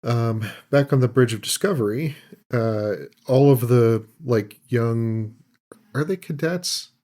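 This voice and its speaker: Mellow-voiced man in a relaxed recap. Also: mid-range voice, slow pace. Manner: relaxed, loose plot recap with many fillers. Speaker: podcast co-host recapping an episode. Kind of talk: casual chat.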